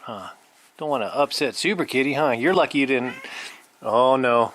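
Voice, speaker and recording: A man at home talking to his cats, coaxing and teasing them in a soft, affectionate murmur that sometimes drops to a whisper. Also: medium pitch, moderate pace. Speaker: cat owner filming his pets. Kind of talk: casual talk to pets. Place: indoors at home.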